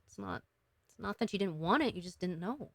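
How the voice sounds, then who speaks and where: A woman giving a casual, emotional tarot reading, talking gently with many fillers and restarts. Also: medium pitch, animated, brisk, vocal fry, no room sound. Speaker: tarot reader.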